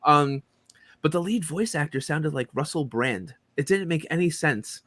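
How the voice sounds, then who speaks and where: A man's voice: a little high, moderate pace, dry recording. A man in his forties, a voice actor and professor, telling stories as a podcast guest with lots of ums and likes. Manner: animated storyteller, many fillers like um and like. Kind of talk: casual interview chat.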